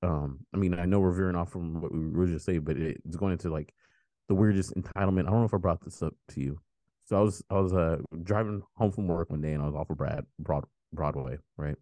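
A man's voice: low voice, fast, dark tone, no echo. A man hosting a podcast, telling a story in casual chat, rambling with restarts and swearing. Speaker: podcast host.

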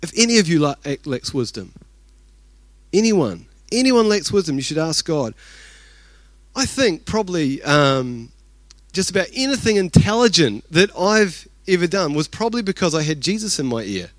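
Animated New Zealand man preaching. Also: a little high, normal speed, no echo. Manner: animated, chatty storyteller with self-deprecating humour. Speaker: pastor. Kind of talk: sermon with personal storytelling.

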